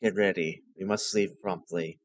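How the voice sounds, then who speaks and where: Guy doing a german doctor, thick german accent, slow low careful game voice. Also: steady tone, no room sound, close to an everyday voice. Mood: calm. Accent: put-on German.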